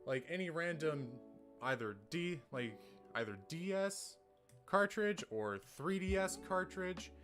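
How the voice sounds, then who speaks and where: A man's voice: on the high side, animated, slow pace, fairly bright tone. A young man chatting casually on a livestream, rambling and swearing as he rants. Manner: ranting, profane, rambling. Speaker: streamer. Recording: music playing behind.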